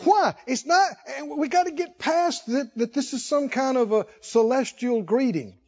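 Male preacher, very high voice, slow and lively sermon, lo-fi church tape. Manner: animated, exhorting, laughs often.

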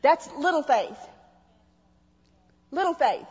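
A woman's voice: high voice, expressive, slow, darkish tone, long reverb tail, highs cut off. A woman pastor, preaching a sermon in a folksy, repetitive way with acted-out asides.

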